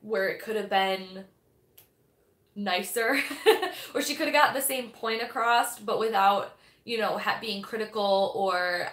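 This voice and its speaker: A woman's voice: on the high side, slow, long pauses, a bit bright. A young woman hosting a casual live-stream book club, rambling and chatty with lots of fillers. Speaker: livestream host of a book club. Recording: echoey room.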